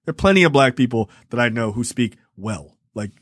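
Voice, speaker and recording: A man co-hosting a casual film review podcast, animated and profane, laughing often and slipping into mimicked voices. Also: medium pitch, brisk, slight background noise. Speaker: podcast co-host.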